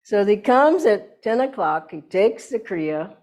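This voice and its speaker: An older woman giving an inspirational satsang talk as a spiritual teacher, telling anecdotes in a lively way and laughing often. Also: mid-range voice, a little slow.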